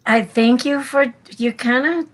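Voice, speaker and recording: A woman's voice: high-pitched, unhurried, poor audio. A woman co-hosting a casual show, friendly and a little scattered as she checks her notes. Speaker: co-host with news segment.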